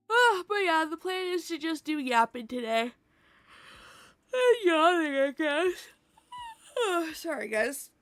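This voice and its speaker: A woman's voice: high-pitched, animated, takes it slowly, long pauses, fairly bright tone, soft background music. An American woman streamer, tired and laughing often, chatting casually with her viewers and greeting them by name. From United States. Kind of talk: casual live-stream chat.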